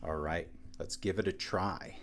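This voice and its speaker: A man performing for children, introducing his songs in a calm, encouraging, friendly way during a virtual show. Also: low voice, a little slow, soft background music. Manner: calm, encouraging, speaking to kids. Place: home studio, broadcasting virtually.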